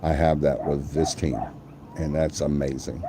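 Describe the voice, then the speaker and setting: Male host, deep voice, effusive, repetitive, casual live-stream chat. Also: steady tone, a little slow, noisy background. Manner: effusive, repeats himself, talks to the chat. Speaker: host of a live paranormal show.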